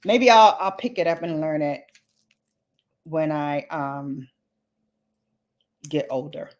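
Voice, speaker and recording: A woman with a lowish voice chats her way through a makeup tutorial, unhurried and playful. She drops slangy asides to her viewers as she works. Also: animated. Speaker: beauty vlogger. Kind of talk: casual makeup demo chat.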